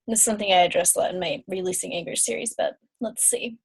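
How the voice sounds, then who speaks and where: Casting note: young adult woman, intuitive healer, medium pitch, casual chatty delivery with fillers and yawns. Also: quick pace, breathy edge. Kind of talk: guided energy-clearing session.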